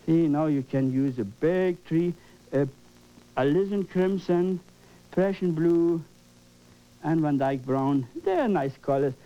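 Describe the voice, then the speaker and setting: Working through a live painting demonstration, this instructor speaks in a warm voice that sits on the high side. He is fervent and encouraging, frequently repeating phrases, and the broadcast audio sounds dull and lo-fi.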